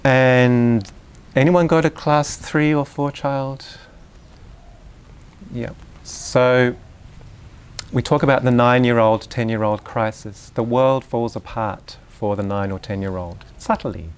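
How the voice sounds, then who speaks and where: Guy lecturing to a room of parents, chatty and easygoing, tosses questions out to the crowd, mid-pitched voice. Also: darkish tone. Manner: conversational, unhurried, with asides and questions to the audience. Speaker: lecturer on Waldorf education. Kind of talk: live lecture to an audience. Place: live lecture venue.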